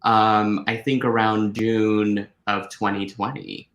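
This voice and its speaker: A man with a lowish voice talks as a guest in a casual online chat, easygoing and full of fillers. His room echoes around him. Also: level tone, takes it slowly, a bit bright.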